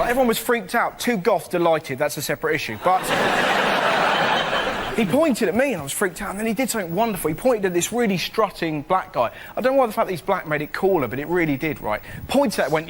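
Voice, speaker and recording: Man, young, stand-up comedy, excitable, loud noisy recording. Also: sits high. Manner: quick, excitable storytelling with shouted punchlines. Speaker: comedian panellist. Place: TV studio with live audience. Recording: loud noise and audience laughter.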